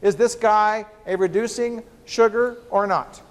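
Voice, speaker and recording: A man's voice: high voice, steady tone, unhurried. A man who is a biochemistry professor, giving a joking university lecture full of rhetorical questions to the class. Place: lecture hall. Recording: reverberant lecture hall.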